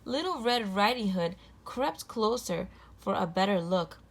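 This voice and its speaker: Woman, storybook read-aloud, gentle, clear, even pacing. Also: medium pitch, measured pace.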